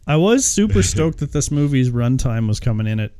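A man riffing on a film he disliked, his voice mellow and darkish. He stammers through restarts, then launches into exaggerated mock quotes. Loose, swearing podcast banter. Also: mid-range voice, fairly quick. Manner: animated, mocks with put-on quotes, frequent hesitations. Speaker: podcast co-host reviewing a movie. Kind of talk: casual profane chat.

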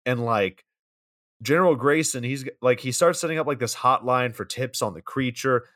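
A man with an average-pitched voice walks through a bad movie's plot in a rambling, wry podcast recap. The sound is dry and close, with little room echo. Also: normal speed, a bit bright. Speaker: podcast co-host.

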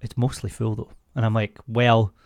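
Deadpan man, dry sound. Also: on the low side, moderate pace, no room sound. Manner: deadpan storytelling, self-deprecating. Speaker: podcast co-host. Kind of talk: casual chat.

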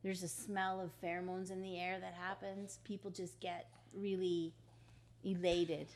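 A woman's voice: fairly low pitch, flat delivery, a little slow, darkish tone. Laughing woman who owns a comedy club. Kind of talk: casual chat.

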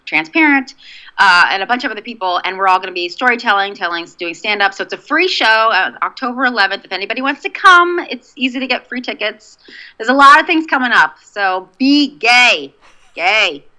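A woman comedian with a Boston accent, chatting casually on a podcast over a video call and joking in a bawdy, animated way. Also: medium pitch, quick pace, poor audio. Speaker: comedian guest.

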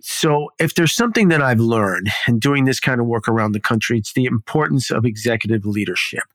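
A man's voice: mid-range voice, animated, brisk, a bit bright, no room sound. Man, podcast host, interviewer, dry close sound, conversational. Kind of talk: interview questions.

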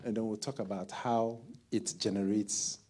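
A man preaching a midweek sermon, lively and conversational, often repeating words as he works out his thought. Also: on the low side, normal speed. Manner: animated, repeats words while thinking aloud. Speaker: pastor.

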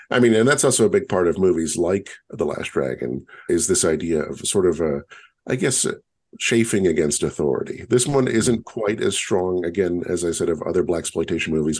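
A man with a very low, husky voice lays out a story plan for a podcast audience. He talks in a measured, explanatory way, like someone walking friends through a plot. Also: darkish tone. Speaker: podcast co-host. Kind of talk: casual podcast discussion.

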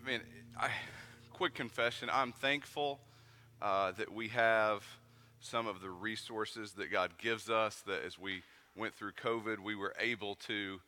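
A man's voice: fairly low pitch, steady tone, a little slow, sharp tone, a little hiss or hum. A man with an East Tennessee Southern accent, preaching a conversational sermon full of questions to his congregation. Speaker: pastor. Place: church sanctuary. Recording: long reverb of a church hall.

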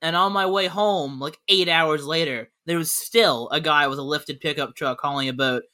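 Bright, rambling man telling road stories. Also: on the high side, moderate pace. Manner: rambling anecdotes full of "like". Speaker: podcast co-host. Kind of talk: casual chat.

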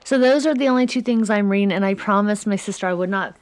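A woman's voice: medium pitch, fast, no room sound. A woman co-hosting a podcast in casual chat, talking in a chatty way and acting out what people said. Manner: chatty, animated retelling. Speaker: podcast co-host.

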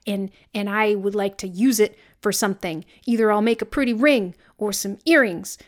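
A woman's voice: mid-range voice, normal speed, hardly any pauses. A woman co-hosting a podcast, talking earnestly and casually with frequent fillers. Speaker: podcast co-host. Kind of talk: casual chat.

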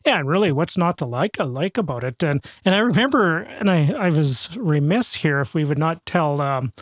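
A man hosting a casual interview, upbeat and laughing, with halting restarts. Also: a little high, expressive, dry recording. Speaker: podcast host. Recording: dry close mic.

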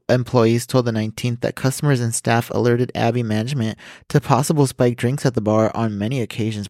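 A man co-hosting a podcast, reading the news and telling stories in casual chat, swearing often and acting out quotes loudly. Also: medium pitch, dry recording, clean studio sound. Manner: animated, swears a lot, acts out quotes loudly. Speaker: podcast co-host.

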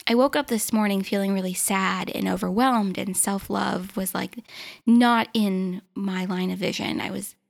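Podcast host, woman in her twenties, earnest and encouraging, gravelly vocal fry, solo monologue. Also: medium pitch, fairly even intonation, moderate pace. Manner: earnest, encouraging, self-reflective.

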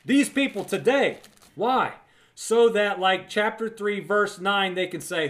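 Guy with a pretty high voice doing a bible teaching, emphatic, repeats stuff, talks to you like a friend. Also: expressive, a little slow, a bit bright. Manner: conversational, addresses listener as friend.

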